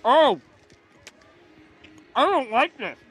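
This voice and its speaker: High-voiced man drawling slowly on air. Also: sing-song, a bit bright, slightly rough, soft background music. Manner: slow, drawn-out, chewing while talking. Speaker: broadcast commentator. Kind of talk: casual broadcast banter.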